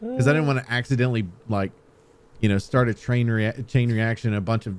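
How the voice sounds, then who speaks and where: A man's voice: mid-range voice, clean tone. A man co-hosting a gaming podcast, rambling with many fillers and restarts in casual chat. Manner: halting, filler-heavy rambling. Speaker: podcast co-host.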